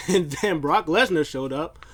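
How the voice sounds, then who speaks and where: A man's voice: on the high side, expressive, a little slow, fairly bright tone. A man casually recapping a wrestling show, rambling with lots of fillers and restarts. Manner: rambling, filler-heavy storytelling.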